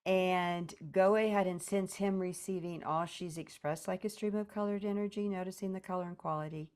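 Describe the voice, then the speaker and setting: A woman therapist leading a session, gently prompting and directing her client step by step. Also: lowish voice, fairly even intonation, normal speed.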